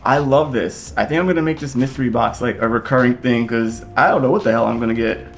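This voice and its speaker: A man hosting a casual vlog as he unboxes vinyl records, excitable and gushing, swearing often. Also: mid-range voice, quick pace, faint music behind.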